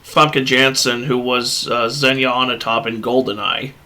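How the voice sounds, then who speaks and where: A man's voice: medium pitch, steady tone, a little slow, sharp tone. A man hosting a casual movie discussion, ranting bluntly and profanely into a USB podcast microphone. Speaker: podcast host.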